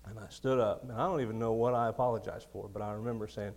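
A man in his thirties preaching a sermon in a storytelling way, laughing often and swinging between quiet, close moments and loud ones. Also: lowish voice, steady tone, quick pace. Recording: long hall reverb.

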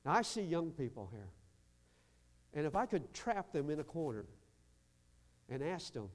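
A man preaching a lively sermon as pastor in a church, acting out quotes and breaking into shouts. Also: on the high side, moderate pace, long pauses. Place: church sanctuary. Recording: long hall reverb.

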